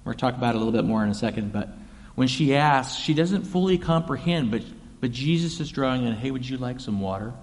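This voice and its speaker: A man preaching in a loose, chatty way, paraphrasing the passage in plain modern speech. His voice sits at an ordinary middle pitch. The room leaves a long reverb trailing after each phrase. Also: quick pace. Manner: conversational, paraphrases scripture in casual voices. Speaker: pastor. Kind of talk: sermon.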